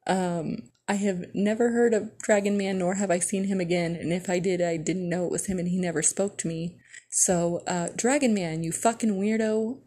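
Lower-pitched husky woman telling stories. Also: moderate pace. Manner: animated, swears freely. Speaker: podcast host. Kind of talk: casual storytelling.

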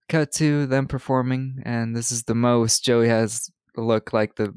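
A man co-hosting a podcast, recapping a film in casual chat, laughing often and retelling scenes with quick quoted lines. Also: medium pitch, level tone, darkish tone, clean tone, no room sound.

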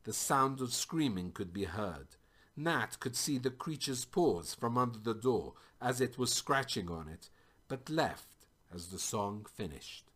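Guy reading a fantasy story, slow and unhurried, voice goes up and down a lot. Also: mid-range voice, lively intonation, fairly bright tone.

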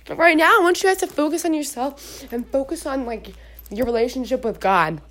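A young woman with a slightly high voice talks straight to her listeners in a casual podcast, part pep talk and part sermon. She rambles and keeps checking in with "okay?" between her points. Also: fairly quick, a bit bright. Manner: chatty, preachy, rambling with frequent "okay?" asides. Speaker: podcast host. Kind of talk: casual faith advice talk.

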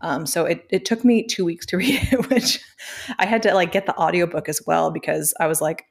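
With a fairly low, creaky voice and a fairly quick pace, a young podcast co-host chats casually, leaning constantly on "like" and "um."

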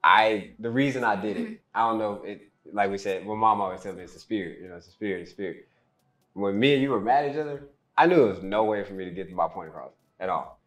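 A young man in casual family conversation, telling a story with animated quotes of what others said. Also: fairly low pitch, quick pace. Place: small room. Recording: roomy echo.

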